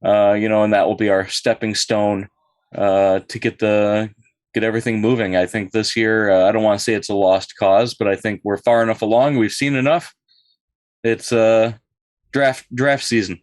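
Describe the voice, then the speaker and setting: A man co-hosting a casual sports podcast, talking in a relaxed, measured way. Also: on the low side, dry recording, clean studio sound. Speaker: podcast co-host.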